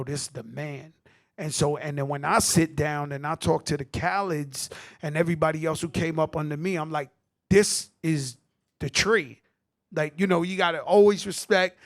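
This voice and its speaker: A middle-aged man with a New York accent, telling animated stories at a tribute panel, acting out quotes and swearing freely. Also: fairly high pitch. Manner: animated street storytelling, acts out quotes, swears. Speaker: host.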